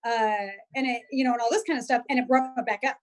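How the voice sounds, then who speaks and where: A woman with a bright, high voice tells her stories with lively energy, often stumbling and restarting. She is chatting over a video call. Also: fast talker, a little hiss or hum, poor audio. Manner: animated storyteller, many restarts and fillers. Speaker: guest. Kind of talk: casual chat.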